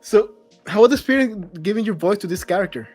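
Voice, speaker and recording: A man hosting a podcast interview, enthusiastic and halting, often restarting his sentences. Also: high voice, lively intonation, a little mellow, faint music behind. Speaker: podcast host.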